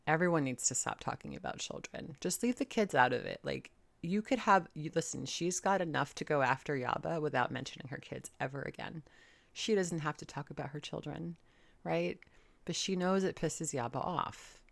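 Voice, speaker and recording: A woman with a low, gravelly voice delivers blunt reaction commentary. She sounds exasperated and swears freely. The sound is dry and close. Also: no room sound. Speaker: commentary host.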